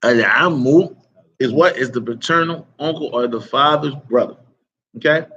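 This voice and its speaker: A man teaching an Arabic vocabulary lesson, quizzing his students and repeating each word slowly. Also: medium pitch, pushed and bright, husky. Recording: dull lo-fi recording.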